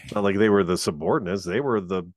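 A man with a lowish voice chats about films and reads out trivia. He laughs easily and keeps a casual tone, recorded close and dry with no room sound. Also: quick pace, no echo. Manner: chatty, laughs often, reads trivia aloud. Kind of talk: casual movie chat.

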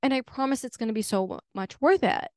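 A woman's voice: on the high side, fast talker, a little mellow, no echo, studio quality, lightly acted. A woman voicing the universe as a laid-back friend who tells the listener to relax. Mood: soothing. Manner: breezy, casual slang.

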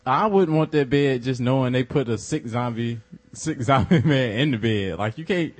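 A man's voice: mid-range voice, expressive, moderate pace, dry recording. A man on a podcast panel making dry, joking remarks in casual chat.

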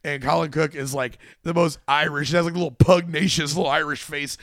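A man's voice: on the high side, steady tone, fast, a bit bright, no room sound, studio quality. A man who works as a comedian, a guest chatting on a podcast, telling rambling stories full of "like" and swearing. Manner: rambling storyteller, lots of "like" and swearing. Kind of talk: casual podcast chat.

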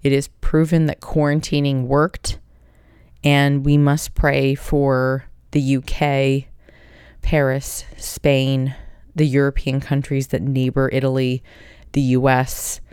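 A woman's voice: a bass voice, completely flat delivery, slow, darkish tone, clear, resonant tone, no echo, clean studio sound. A woman hosting a casual solo podcast, reading out listener questions in a blunt, profane, upbeat way. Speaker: podcast host.

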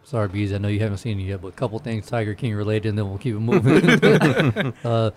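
A man's voice: fairly low pitch, expressive, fairly quick. A man hosting a casual podcast, swearing freely and often breaking into laughter as he banters. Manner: profane, laughs often, loud bursts when joking. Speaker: podcast host.

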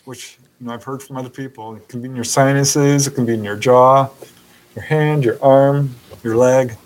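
A man who is a podcast guest, telling a story with lively narration that acts out the people in it and laughing often. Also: medium pitch, moderate pace, poor audio. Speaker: guest, author on UFO encounters. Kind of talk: animated storytelling in a podcast interview.

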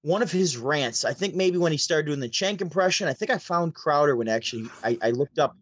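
A man from Syracuse, New York, telling stories as a podcast guest over a remote call, chatty and animated. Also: on the high side, fairly quick, breathy edge, dry recording. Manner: chatty, animated, with frequent restarts. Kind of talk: casual storytelling.

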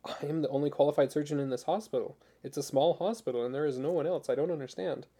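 A man's voice: fairly high pitch, quick pace, mellow. A man voicing a woman surgeon who talks in a clipped, matter-of-fact way. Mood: clinical, firm. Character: brisk, blunt woman surgeon, cool and authoritative.

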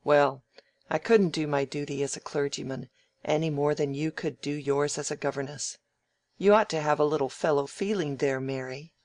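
A reader voicing a young gentleman who is idle and quick to take offence, pressing his point with emphasis. The voice sits at the reader's ordinary middle pitch, with a gravelly grain, on a dry, close recording. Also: steady tone, no room sound, lightly acted. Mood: protesting. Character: idle, good-humoured young gentleman, easily piqued. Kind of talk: audiobook dialogue reading.

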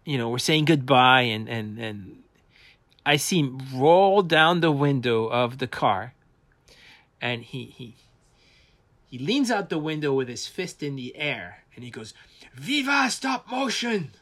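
A man's voice: mid-range voice, lively intonation, a little slow, a bit bright. A man working in animation and visual effects, a guest telling casual stories with many restarts. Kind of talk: casual anecdotal interview.

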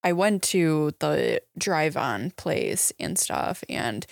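Very slow, halting woman on a podcast. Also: deep voice, expressive, gravelly, no echo, studio quality. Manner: halting, searching for words. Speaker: podcast co-host. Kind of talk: casual chat.

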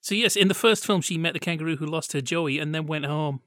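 Brief: male podcast co-host, chatty and jokey, slightly high voice, dry close sound. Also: fast, a bit bright, no room sound. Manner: chatty, jokey, acts out quotes. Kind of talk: casual chat reviewing old TV.

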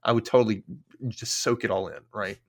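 A man's voice: lowish voice, a little fast. A man hosting a podcast, casually recapping a TV episode in a chatty way, full of filler words and casual swearing. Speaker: podcast host.

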